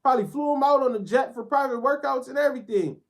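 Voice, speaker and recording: A man's voice: very high-pitched, fast. A man giving a heated sports commentary rant, talking bluntly in profane slang.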